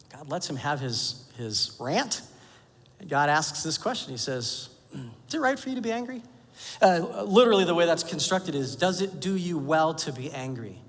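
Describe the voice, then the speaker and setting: Pastor, male, lively high-pitched delivery, sermon in a big reverberant church hall. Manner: animated, jokey storytelling with playful quoted voices. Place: church sanctuary.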